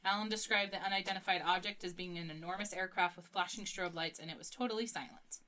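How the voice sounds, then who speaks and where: A woman co-hosting a podcast who leads the story with a wry, chatty delivery. Her voice is bright and forward. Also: fairly low pitch, fairly even intonation, fast talker, rough recording. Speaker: podcast co-host. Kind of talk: casual comedic chat.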